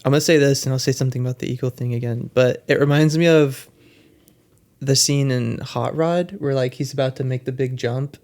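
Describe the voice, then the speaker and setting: A man's voice: mid-range voice, fairly even intonation, a little fast, darkish tone. A young man co-hosting a podcast, chatting casually about a movie, rambling and laughing often as he acts out quotes. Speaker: podcast co-host. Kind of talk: casual film discussion.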